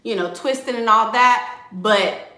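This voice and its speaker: A woman dating coach talks on a livestream, blunt and playful, with a sassy edge. Her voice sits fairly high and sounds bright and forceful. The sound carries a roomy echo. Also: unhurried, a little hiss or hum. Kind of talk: livestream advice talk, reading viewer comments.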